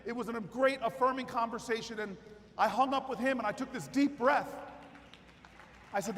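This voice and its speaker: High-voiced man giving a convention keynote. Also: normal speed, pauses often, slight background noise. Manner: storytelling that builds to shouted rally calls. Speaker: keynote speaker. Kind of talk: political convention speech. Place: large convention hall. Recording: long hall reverb with faint crowd.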